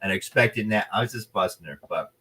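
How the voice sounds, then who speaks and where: A man's voice: on the low side, quick pace, recorded from a distance, slight background noise. A man with a New Jersey accent, an actor telling blunt, playful stories in a casual interview. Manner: animated storyteller, playful and blunt. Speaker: actor guest.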